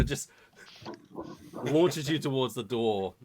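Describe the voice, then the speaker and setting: A man's voice: medium pitch, animated, slow, pauses often, crowd noise. A man narrating as game master in a casual, rambling way full of fillers.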